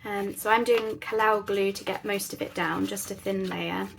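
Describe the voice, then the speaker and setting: A woman's voice: medium pitch, fairly even intonation, moderate pace, vocal fry. A woman hosting a casual craft tutorial, chatting in a rambling, self-deprecating way at her craft table at home. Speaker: crafting channel host.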